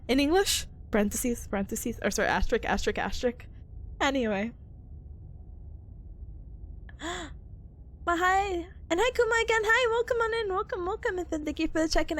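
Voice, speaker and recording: A young woman streamer chatting casually with her viewers while sick, giggling often. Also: very high-pitched. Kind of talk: casual live-stream chat.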